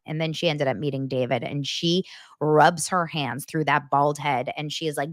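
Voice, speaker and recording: A woman hosting a podcast, recapping reality TV in a blunt, animated and profane way. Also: low voice, moderate pace, no echo, studio quality. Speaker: podcast host.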